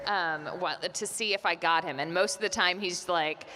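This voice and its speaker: Woman w/ a bright crisp voice chatting about recording sessions, echoey hall. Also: fairly low pitch, normal speed. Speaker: voice actress on a convention panel. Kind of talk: casual panel chat. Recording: echoey hall, faint noise.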